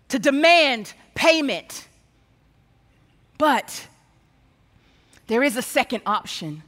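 A woman's voice: mid-range voice, fairly bright tone. A woman guest speaker telling a personal story in a sermon, acting out the conversations she recounts. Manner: storytelling, acts out quoted exchanges. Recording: hall reverb.

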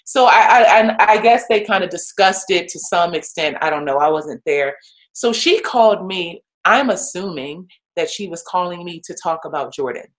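A woman's voice: moderate pace, low-quality recording. A woman, a retired pro athlete turned coach, telling a story casually with lots of "like" and "you know" fillers. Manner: animated, acts out others' voices with big pitch jumps.

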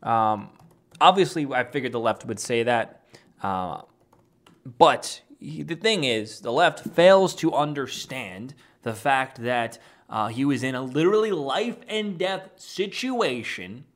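A man's voice: mid-range voice, expressive, slow pace, a bit bright. A man giving an argumentative, dismissive reaction as an online commentator, reacting to a clip and reading posts aloud.

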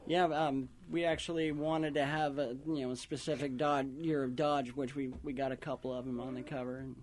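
A man's voice: mid-range voice, steady tone, fairly quick, a little hiss or hum. A man in a rock band, a guest on a radio show, talking casually in a laid-back, easygoing way.

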